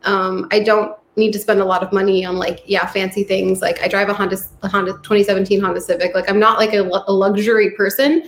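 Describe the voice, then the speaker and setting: A woman chatting casually as a guest, candid and quick to laugh. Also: mid-range voice, steady tone. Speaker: podcast host and musician, guest. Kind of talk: casual chat. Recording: echoey room, faint background noise.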